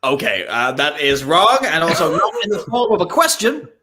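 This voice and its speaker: A man doing improvised comedy, hosting a quiz with brisk, showy game-show patter. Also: on the high side, very animated, sharp tone. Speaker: improv performer playing a quiz host. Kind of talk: improvised comedy over video call.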